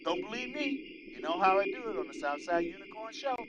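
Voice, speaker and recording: A man hosting his own show, delivering an animated, preachy and mocking political commentary monologue. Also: high-pitched, brisk. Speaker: host. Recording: dull lo-fi with loud crowd noise.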